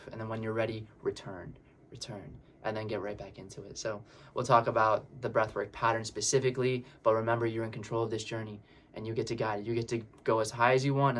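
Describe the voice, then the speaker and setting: A breathwork facilitator talks through what to expect in a session. He is a man with a somewhat low voice who speaks in a relaxed, reassuring way and loops back over the same words as he explains. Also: a little hiss or hum. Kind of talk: casual explanatory talk.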